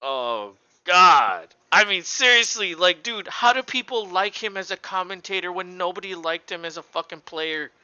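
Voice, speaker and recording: Male podcast co-host, bright and forceful, smooth dry voice, fast profane rants. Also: sits high, no echo, highs cut off. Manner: animated, profane ranting with mocking voices. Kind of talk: casual sports chat.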